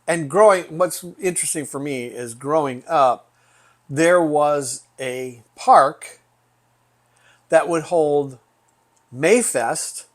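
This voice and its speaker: A man's voice: on the high side, slow pace, long pauses. A man co-hosting a casual tasting chat, agreeable and often finishing his partner's sentences. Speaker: podcast co-host.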